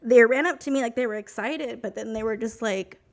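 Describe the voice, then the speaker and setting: A woman's voice: on the high side, fairly quick. A woman from New Mexico, a podcast guest, telling a personal story in an emotional, chatty way, full of "like" and "you know".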